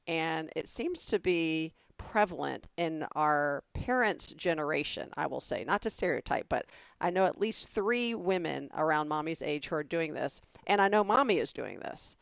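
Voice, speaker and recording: A woman co-hosting a podcast in casual chat, talking in a chatty, self-deprecating way with animated asides. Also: deep voice, normal speed, creaky, no echo, studio quality. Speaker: podcast co-host.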